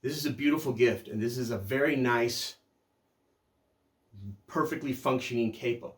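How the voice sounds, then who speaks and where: An older man hosting a music channel, telling a personal story in a reflective, unhurried way, with pauses and restarts. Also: mid-range voice. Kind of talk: casual storytelling review.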